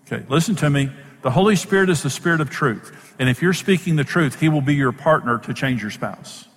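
A man's voice: fairly high pitch, expressive, fairly quick, fairly bright tone, big-room sound. A man who is a Bible teacher and program host, giving an emphatic, plain-spoken sermon-style teaching in numbered points.

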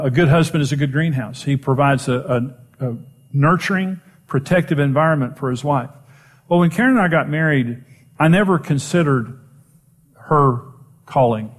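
Man preaching a personal sermon story. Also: a little fast. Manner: storytelling, self-deprecating, rises in pitch for emphasis. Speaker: pastor.

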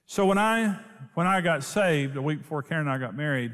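A man preaching a sermon, telling a story in an animated way and laughing often. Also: on the high side, brisk. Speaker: pastor. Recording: long hall reverb.

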